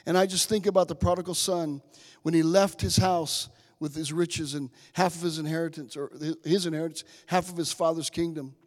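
A man preaching a sermon, impassioned, speaking straight to his congregation and swelling from soft to loud. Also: a little high, steady tone, fairly quick, big-room sound. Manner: addresses the congregation directly.

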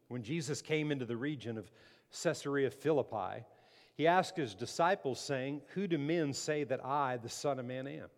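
Man preaching with call and response. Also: mid-range voice. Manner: emphatic preaching, calls for amen. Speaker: pastor. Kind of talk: sermon. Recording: long hall reverb.

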